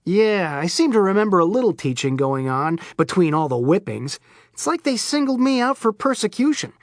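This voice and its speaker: A woman's voice: medium pitch, sing-song, normal speed, no echo, studio quality, lightly acted. A woman voicing a manic, wisecracking male Florida oddball who rambles theatrically and irreverently. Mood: sardonic. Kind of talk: audiobook character voice.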